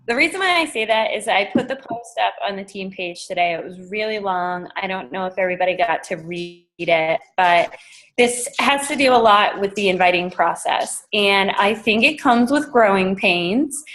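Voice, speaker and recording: A woman team member sharing her experience on a call, earnest and quick. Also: medium pitch, fairly bright tone.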